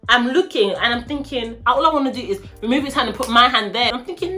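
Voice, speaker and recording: A woman vlogger telling a story in a dramatic, animated way. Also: on the high side, fairly quick, few pauses, faint music behind. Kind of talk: storytime vlog.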